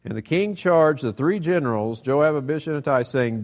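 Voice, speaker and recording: A man's voice: on the high side, animated, normal speed, hardly any pauses, a little mellow. A male pastor preaching a sermon, explaining a scripture passage in a teaching manner.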